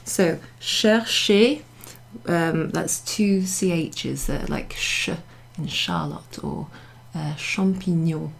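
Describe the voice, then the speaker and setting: A woman's voice: low voice, lively intonation, takes it slowly, gravelly. A woman teaching a beginners' French class, explaining patiently step by step and repeating her examples. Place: pub function room, classroom class.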